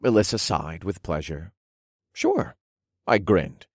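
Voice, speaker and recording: A man narrating a first-person audiobook story in a slow, deliberate way. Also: low voice, expressive, dry recording, studio quality.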